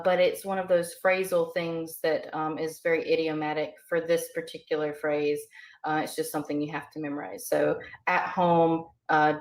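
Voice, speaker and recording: Casting: low-pitched woman teacher, relaxed and halting, explains word by word. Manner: hesitant, many ums and uhs. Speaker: language teacher. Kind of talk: casual lesson explanation.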